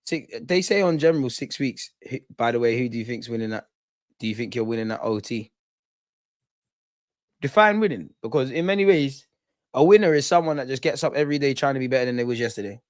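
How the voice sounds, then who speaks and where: A young man hosting a live football watch-along, chatting casually, reacting to play and reading out comments, sometimes muttering and sometimes shouting at the referee. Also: mid-range voice, fairly quick, no room sound, studio quality. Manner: animated, swings from muttering to shouting at the ref.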